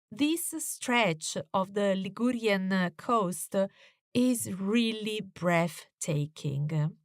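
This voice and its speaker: A woman with as her teaches a lesson at a slow, patient pace, often pausing on "uh" as she explains. Her voice sits at a middle pitch and sounds close and dry, with no room echo. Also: animated. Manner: slow, careful explanations with frequent "uh" fillers. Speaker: language teacher.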